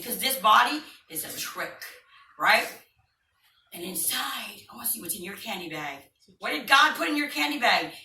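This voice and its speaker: Woman comic, bright slightly high voice, animated storyteller, roomy distant sound. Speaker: stand-up comedian. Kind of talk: stand-up comedy routine.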